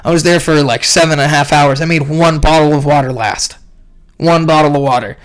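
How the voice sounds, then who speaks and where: A young man ranting casually about a fight event, profane and rambling, clearly irritated. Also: on the high side, fairly even intonation, fairly quick. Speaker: podcast host recapping a fight event.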